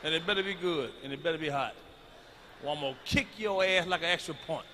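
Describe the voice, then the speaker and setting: A middle-aged man performing a stand-up comedy routine, telling stories loudly and with plenty of profanity. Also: on the high side, quick pace, background noise. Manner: loud, profane storytelling. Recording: live arena recording with long reverb.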